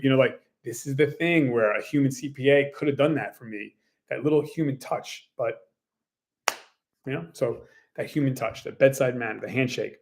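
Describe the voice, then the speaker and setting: Guy with a small tennis biz rambling to camera, lots of you know and um, keeps doing little quoted voices, normal middle pitch. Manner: rambling, filler-heavy, acts out quick quoted voices. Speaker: small business owner and tennis coach. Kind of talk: casual talk to camera.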